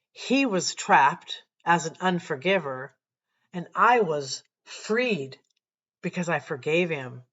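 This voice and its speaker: A woman sharing a personal faith testimony to camera, earnest and reflective, often pausing and restarting her sentences. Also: lowish voice, a bit bright, dull audio.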